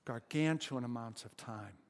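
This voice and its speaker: A male pastor preaches slowly and deliberately and puts questions to his congregation. His emphatic exclamations rise and ring out through a church. A long reverb trails after each phrase. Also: mid-range voice. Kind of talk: sermon.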